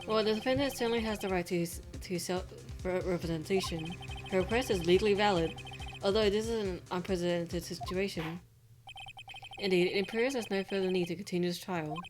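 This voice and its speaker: A woman voicing a hesitant older male judge who speaks in a halting, formal way, over game music. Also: fairly low pitch, close to an everyday voice.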